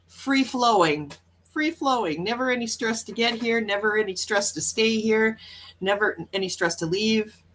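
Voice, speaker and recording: A woman with a medium-pitched, somewhat bright voice reads viewer messages on her casual morning livestream. She's from Wisconsin and comes across as chatty and upbeat, with frequent laughter.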